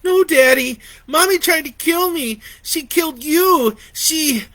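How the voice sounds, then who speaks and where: Little boy, terrified, sobbing, high pleading cries, bright tone, a man putting him on. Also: slow, full character voice.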